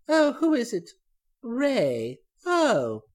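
A reader voicing an elderly aunt, a former stage performer with a grand manner, speaking slowly and quietly. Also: medium pitch, huge pitch swings, exaggerated voice. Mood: distracted.

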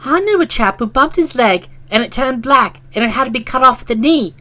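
A woman's voice: high-pitched, expressive, brisk, a bit bright, voice pushed up. A woman voicing an eager, meddlesome small boy scout in an audiobook reading, earnest and persistent. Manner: earnest, persistent, cheerfully pushy. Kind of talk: audiobook character voice.

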